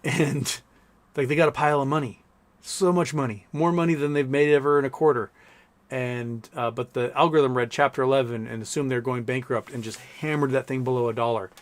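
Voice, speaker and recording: A man hosting a loose, rambling livestream from home. He reads viewer messages aloud and swears casually. His voice sits at an ordinary middle pitch. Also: steady tone, fairly quick. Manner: baby-talk coaxing to his pets. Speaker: livestream host.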